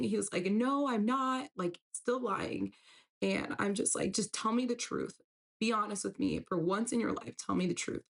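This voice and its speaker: Low-voiced woman telling a personal story. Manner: candid, breaks into tearful emotion at hard moments. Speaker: storyteller recounting a breakup.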